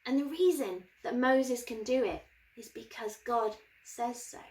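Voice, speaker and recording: A woman's voice: fairly high pitch, measured pace, darkish tone, rough recording. A woman presenting a children's Bible lesson for her church, with a playful, encouraging way of talking.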